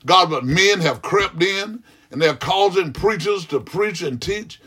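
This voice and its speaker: A man's voice: high voice, expressive, a little slow, a bit bright, breathy edge. A man praying aloud as a pastor, fervent and rhythmic, with frequent "hallelujah" interjections. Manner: repetitive, rhythmic preaching cadence. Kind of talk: extemporaneous prayer.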